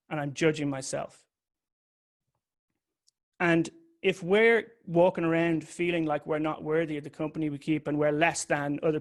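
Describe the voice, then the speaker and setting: A man giving a candid, confessional talk that mixes a personal story with occasional swearing. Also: a little high. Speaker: public speaker.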